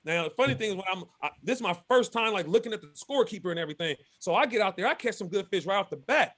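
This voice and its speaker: A guest angler telling a fishing tournament story in casual, animated fashion, acting out what others said. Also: male voice, high-pitched, rapid-fire. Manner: lively, acts out quotes of others.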